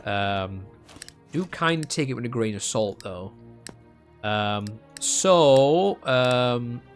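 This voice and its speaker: A man's voice: medium pitch, lively intonation, slow, faint music behind. Rambling Dutch-accented young man. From Netherlands. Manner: rambling and self-mocking, with frequent ums and restarts. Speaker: gaming streamer. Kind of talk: casual rambling chat while gaming.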